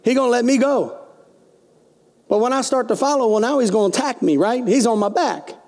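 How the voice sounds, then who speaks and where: A male pastor preaches in a high, gravelly voice. He talks folksy and direct, firing questions at the congregation. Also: brisk, darkish tone. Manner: folksy preaching with call-and-response. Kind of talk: sermon.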